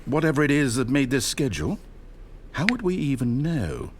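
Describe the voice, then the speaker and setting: A man's voice: mid-range voice, very animated, normal speed, slight background noise. An actor playing a theatrical, wry male narrator in a video game, with a dry storybook delivery. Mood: alarmed. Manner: swings from grand to panicked. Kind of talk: scripted narration.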